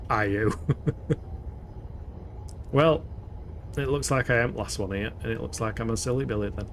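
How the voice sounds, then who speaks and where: A man's voice: mid-range voice, slow pace, pauses often, a little hiss or hum. A man giving chatty live commentary as he streams a game, often swearing, laughing and poking fun at himself. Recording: game music playing underneath. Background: game music.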